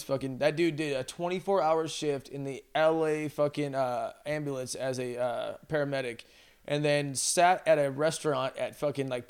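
A man's voice: a little high, smooth. A man co-hosting a podcast, telling a laid-back, profane story with frequent laughs. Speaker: podcast co-host. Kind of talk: casual chat, storytelling.

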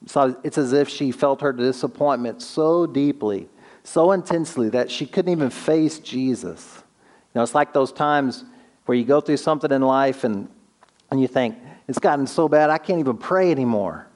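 A man preaching a sermon, earnest, asking the listener questions and slowing down to stress key words. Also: medium pitch, a little mellow. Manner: earnest, slows down for emphasis, asks rhetorical questions. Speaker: pastor.

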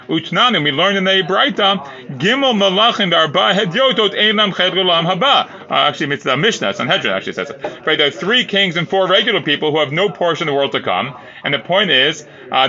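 A man with a very bright, forceful, slightly high voice reads the Talmud line by line and explains it in loose, casual English. The recording sounds muffled and lo-fi. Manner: reads Aramaic lines then explains them loosely with fillers. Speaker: Talmud teacher. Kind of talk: informal Talmud class, reading and translating.

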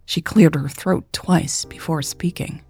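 A woman narrating romance fiction in a measured, even storytelling voice. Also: deep voice, vocal fry, slightly rough. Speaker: podcast author and narrator.

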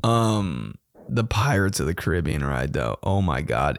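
Lively young man telling stories. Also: rumbling low, unhurried, creaky, dry recording, studio quality. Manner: animated, profane, laughing, slangy. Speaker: podcast host. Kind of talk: casual storytelling monologue.

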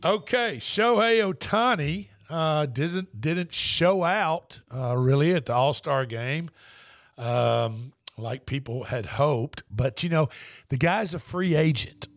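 A man's voice: on the high side, expressive, slow, dry recording, clean studio sound. A man hosting a sports radio show, telling stories in a rambling, easygoing way. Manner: rambling storyteller with restarts. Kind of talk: casual sports talk.

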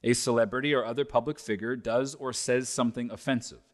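A man preaching a sermon as pastor, reading scripture and then teaching in a measured, deliberate way. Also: mid-range voice, steady tone.

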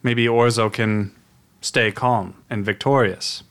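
Homme qui joue un voyageur pompeux et théâtral, ton grandiloquent et apaisant, jeu de rôle. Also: male voice, lowish voice, fairly even intonation, takes it slowly, fairly bright tone. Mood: soothing. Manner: pompous, soothing, theatrical. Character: grandiose male traveler with a donkey, theatrical.

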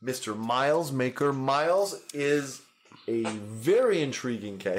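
A man's voice: medium pitch, animated, unhurried, slight background noise. A man hosting a casual comedy podcast, riffing playfully on silly ideas and laughing often. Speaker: podcast host. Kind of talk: casual improv chat.

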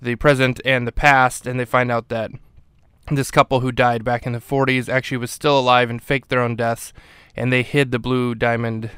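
A male podcast host talks through a TV episode in a relaxed, rambling way, full of ums and uhs. His voice is smooth and clear, recorded dry and close with no room sound. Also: mid-range voice, no echo. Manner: relaxed, rambling with many fillers. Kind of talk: casual episode recap.

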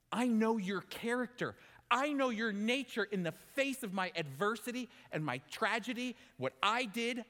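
Man doing repentant king, earnest plea, lively pitch, long hall echo. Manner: earnest, pleading. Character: repentant pleading male king.

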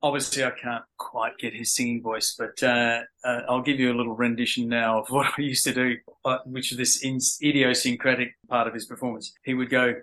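Bright-voiced Australian man, reflective guest. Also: medium pitch, little pitch movement, fairly quick, few pauses, rough recording. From England, moved to Australia at ten. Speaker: guest actor. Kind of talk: casual interview chat.

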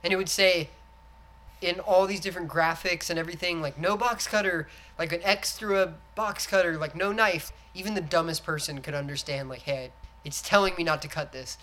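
Podcast co-host, man, bright voice, animated casual talk, acts out movie lines. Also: fairly high pitch, fairly quick. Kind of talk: casual chat.

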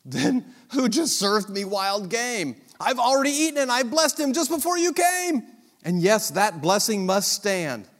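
Old blind father, wary and suspicious, high strained tone, voiced by a man, reverberant hall. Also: expressive, measured pace, a bit bright, heavily acted. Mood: shaken. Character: aged blind father Isaac, cautious and suspicious.

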